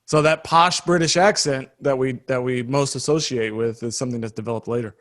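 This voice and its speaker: A man's voice: mid-range voice, steady tone, a little fast, fairly bright tone. A man co-hosting a podcast, rambling and hesitant as he brings up the stories. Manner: rambling, hesitant, many restarts and laughs. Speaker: podcast co-host. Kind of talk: casual chat.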